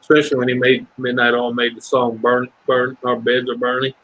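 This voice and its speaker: Middle-aged man, Southern US accent, husky, casual rambling livestream chatter. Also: medium pitch, little pitch movement, brisk, a bit bright, rough recording. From Ohio. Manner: rambling, swears freely, breaks into singing lines. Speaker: livestream chat guest. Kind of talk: casual chat.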